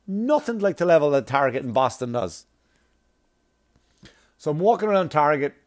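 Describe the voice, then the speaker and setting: A man doing stand-up, telling a long story in a profane, animated way with laughing asides. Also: on the high side, moderate pace. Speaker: comedian.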